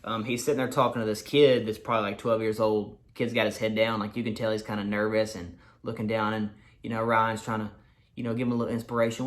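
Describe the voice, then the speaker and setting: A man telling an excited, swear-filled story to the camera in a casual vlog. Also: fairly low pitch, fast. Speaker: vlogger.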